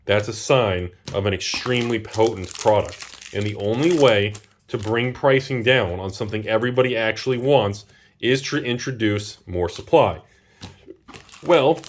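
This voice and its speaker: A man's voice: mid-range voice, slight background noise. A man hosting a casual pack-opening video, chatting about prices and exclaiming over the cards he pulls. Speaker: channel host.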